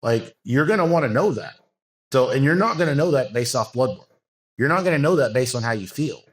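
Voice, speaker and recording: A man's voice: mid-range voice, lively intonation, a little fast. A man, a bodybuilding coach, talking earnestly in a casual podcast conversation, with long loose run-on sentences and many fillers.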